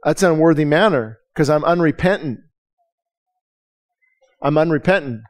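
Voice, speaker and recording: A man preaching a loose, conversational sermon in a somewhat high voice. He is candid and emphatic, doubles back on his words and throws direct questions at the congregation. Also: moderate pace. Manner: candid, emphatic, repeats words and restarts often. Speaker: pastor. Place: church service.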